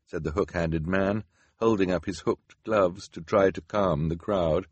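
A man narrating a storybook in a wry, measured way, recorded close on a studio mic. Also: sits low, breathy edge, no echo. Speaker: audiobook narrator.

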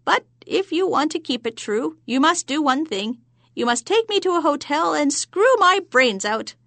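A hideous old crone of a witch, shrill and loud, dragging her words out slowly, played by a woman telling the story. The voice sits high above a normal speaking tone and is recorded close and dry, like a spoken storybook. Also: animated, vocal fry, no room sound, full character voice. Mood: demanding. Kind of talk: storytelling joke, acted voices.

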